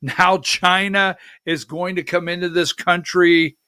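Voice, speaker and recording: A Southern US man hosting political commentary with a high, bright, clean voice that sounds close and dry. He talks slowly and sarcastically, speaking straight to his listeners and calling up clips as he goes. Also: fairly even intonation, smooth, no echo.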